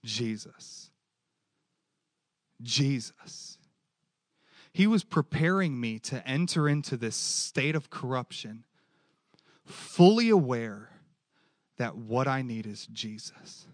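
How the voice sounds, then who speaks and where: A male preacher giving a lively sermon and keeping the audience engaged with questions. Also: mid-range voice, measured pace, dry recording. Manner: animated, asks the audience questions.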